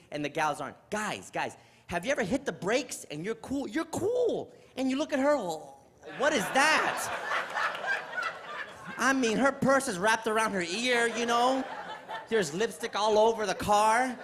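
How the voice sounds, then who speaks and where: A man's voice: high-pitched, normal speed, a crowd in the background. A middle-aged man from New York City doing stand-up comedy on a theater stage, telling exasperated stories and acting them out. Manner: animated, exasperated storytelling with act-outs.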